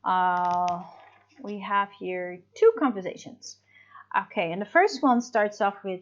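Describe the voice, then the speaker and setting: A woman teaches a recorded English lesson at a medium pitch, explaining things in a loose, chatty way with plenty of fillers. The audio is dull and lo-fi, like a simple home video recording. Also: takes it slowly.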